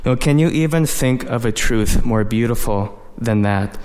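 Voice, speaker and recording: A man's voice: mid-range voice, moderate pace, a little mellow, in a large hall. A man preaching a sermon, explaining scripture verse by verse in an earnest manner with frequent "you know".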